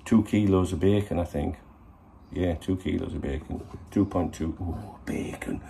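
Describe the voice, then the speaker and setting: A man's voice: low voice, fairly even intonation, moderate pace, warm tone, slight background noise. A middle-aged man, hosting a casual morning vlog to camera in a rambling, sweary, chatty way. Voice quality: gravelly. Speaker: football channel host.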